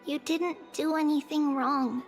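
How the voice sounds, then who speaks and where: A woman voicing a tender, caring young female demigod in a story game, speaking softly. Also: sits high, fairly even intonation, a little slow, faint music behind. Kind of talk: game voice acting.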